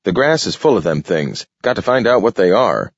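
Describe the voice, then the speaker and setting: A man voicing a fretful male raccoon on the run, talking fast and pleading in a raised voice. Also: big pitch swings, no echo. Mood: grumbling. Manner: fast, pleading, rising pitch. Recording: dull lo-fi dry recording.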